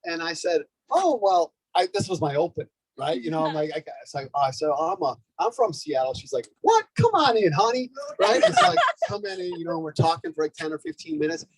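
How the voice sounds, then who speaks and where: A man giving a lively, conversational speech to a live audience at a community organizing event, often checking in with "okay?" and "right?". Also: on the high side, a little fast, few pauses, slightly rough, dry recording, low-quality recording. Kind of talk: energetic storytelling speech.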